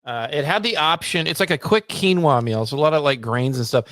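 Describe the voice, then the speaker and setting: A man's voice: a little high, a little fast, a bit bright, dry recording, studio quality. A man co-hosting a casual podcast, chatty and a bit hesitant as he taste-tests food. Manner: hesitant, chatty, talks with mouth full while tasting. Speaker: podcast co-host. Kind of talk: casual chat.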